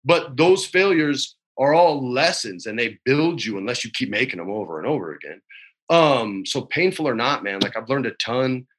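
A man in his forties talks in a relaxed, easy interview from his home. His voice has a bright, pressing edge. He tells his stories openly and gets choked up at times. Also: medium pitch, normal speed. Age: 40s. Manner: emotional, choked up while storytelling; laid-back, says man and dude a lot. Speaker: actor guest. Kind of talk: casual interview chat.

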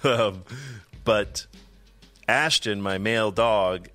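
A middle-aged man co-hosting a podcast in easy casual chat. His low voice has a bright, forceful edge. He tells stories with lively energy and pops into silly voices for his animals. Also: slow, faint music behind. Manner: animated storyteller who acts out pets' voices. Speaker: podcast co-host.

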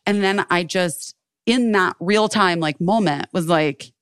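A woman's voice: fairly low pitch, measured pace, smooth, no echo, studio quality. A woman co-hosting a podcast, telling a story in casual chat. She acts out her friends' lines, swears freely and fills her talk with "like". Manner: animated storyteller acting out quoted friends, lots of swearing and "like". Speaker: podcast co-host.

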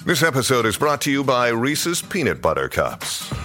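A man's voice: mid-range voice, wildly swooping pitch, normal speed, sharp tone. Man reading an ad over music. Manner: mock news delivery. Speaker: ad announcer. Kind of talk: scripted ad read.

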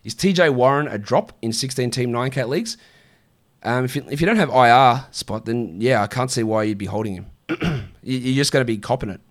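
Male host, mid-pitched, casual live-stream chat, quick offhand answers. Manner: chatty, offhand, quick answers to viewer questions. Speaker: fantasy basketball show host.

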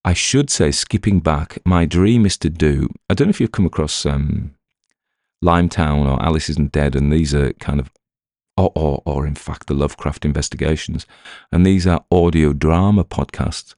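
A man's voice: very deep voice, moderate pace, a little mellow, dry recording, clean studio sound. A man with a Northern English accent, a podcast narrator talking casually and self-deprecatingly to his listeners, with many fillers and restarts. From Northern England. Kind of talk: rambling casual talk to listeners.

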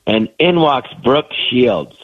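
A man's voice: mid-range voice, expressive, slow, no room sound, phone-quality sound. A middle-aged man with a cold and a phlegmy voice, a comedian guest rambling self-deprecatingly through a long story in casual chat.

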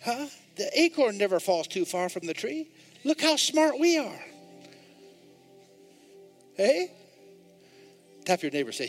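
A male pastor preaching a sermon in a church, swinging between hushed, intimate passages and loud, repeated calls to the congregation. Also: extremely high pitch, big pitch swings, a little slow, pauses often, soft background music. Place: church sanctuary.

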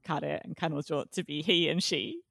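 A woman's voice: deep voice, steady tone, normal speed, creaky, fairly bright tone, no room sound, clean studio sound. A woman co-hosting a casual podcast, curious and engaged, asking questions and adding frequent listening sounds. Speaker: podcast co-host who asks questions.

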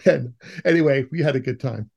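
A man with an easygoing, mid-range voice hosts a podcast conversation. he tells anecdotes with animated energy and laughs often. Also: mid-range voice, brisk, vocal fry. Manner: laughs often, animated when retelling stories. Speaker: podcast host interviewing an educator. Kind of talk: casual conversational storytelling.

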